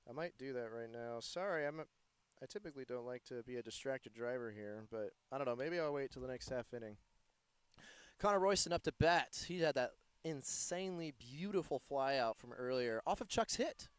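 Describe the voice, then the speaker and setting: A man from the United States giving live play-by-play commentary in a playful, joking, excitable manner. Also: mid-range voice, a little fast, clean tone, no room sound. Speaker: sports commentator.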